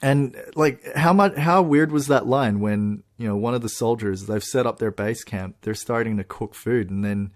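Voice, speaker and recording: A man co-hosting a podcast, chatting in an animated way with laughs and restarts. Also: mid-range voice, normal speed, hardly any pauses. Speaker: podcast co-host. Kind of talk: casual chat. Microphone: podcast microphone.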